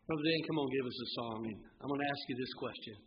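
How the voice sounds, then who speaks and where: A man preaching a sermon in a church, fervent and swinging from hushed tones to shouting, often asking the congregation rhetorical questions. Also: mid-range voice, fast, muffled recording, slight background noise. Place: church sanctuary.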